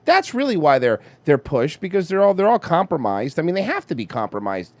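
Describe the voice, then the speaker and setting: A blunt man holds forth on a comedy talk show, swearing freely. His pitch moves animatedly, a little on the high side. The sound is dry and close. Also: big pitch swings, fairly quick, hardly any pauses, no room sound. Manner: blunt, profane, conspiratorial. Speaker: host. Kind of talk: crude comedic political chat.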